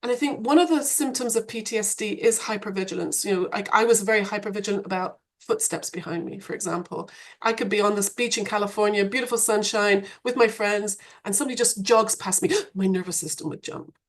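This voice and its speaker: A woman guest on a podcast, telling her story in an animated, reflective conversational way, laughing now and then. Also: medium pitch, brisk. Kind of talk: podcast interview.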